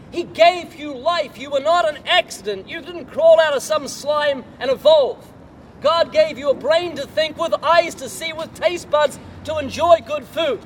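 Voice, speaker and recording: A man's voice: extremely high pitch, a little hiss or hum. An older man preaching a sermon, telling a story and putting rhetorical questions to the listener.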